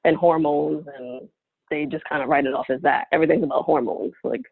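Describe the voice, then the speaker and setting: A woman's voice: deep voice, fairly quick, vocal fry, breathy edge, dry recording. A woman in her late twenties, an interview guest telling her personal story candidly and emotionally, with lots of "like". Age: late 20s. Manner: emotional, animated retelling with frequent "like". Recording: tinny phone-line sound.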